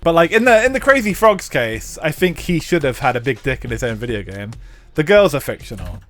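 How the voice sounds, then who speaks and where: Very animated and brisk, this young man's fairly high, slightly bright voice carries his live racing-game stream. He rambles through casual chat with viewers, swearing and leaning on fillers.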